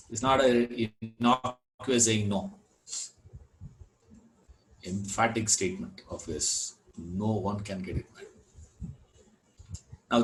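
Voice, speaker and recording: A man teaching a scripture class, unhurried, repeating words and filling gaps with "you know". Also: medium pitch, a bit bright, a little hiss or hum, low-quality recording. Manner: chants Sanskrit verse. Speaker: Vedanta teacher.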